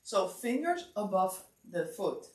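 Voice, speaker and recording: A woman teaching a massage class, giving calm step-by-step instructions in a relaxed, drowsy way. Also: medium pitch, takes it slowly. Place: warm room. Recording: echoey room, distant mic.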